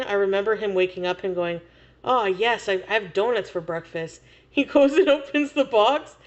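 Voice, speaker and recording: A woman's voice: fairly high pitch, lo-fi sound. A woman livestreamer chatting casually with viewers, laughing often and swearing freely.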